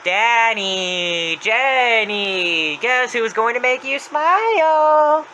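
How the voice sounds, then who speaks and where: A man voicing a cheerful but menacing male apple mascot killer, in high, drawn-out sing-song threats. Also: expressive, bright, forceful tone, slight background noise, full character voice, low-quality recording. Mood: gleeful taunting.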